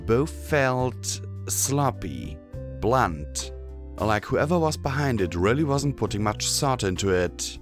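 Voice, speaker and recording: A man narrates a first-person audiobook in a low, expressive voice that rises and falls widely. The recording is dry and close, with faint music underneath. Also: unhurried. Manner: expressive storytelling reading.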